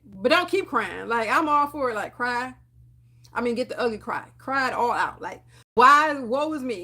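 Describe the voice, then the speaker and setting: Young woman vlogger, slightly high voice, animated and encouraging, uplifting talk to camera with lots of "um"s. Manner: animated, laughs often, preachy encouragement with fillers. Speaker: dental hygienist and channel host.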